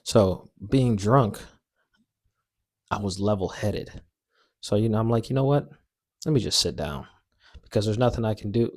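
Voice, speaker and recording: A young man telling a story-time tale in a casual, animated, slangy and self-mocking way. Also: fairly low pitch, normal speed, long pauses, no echo, clean studio sound.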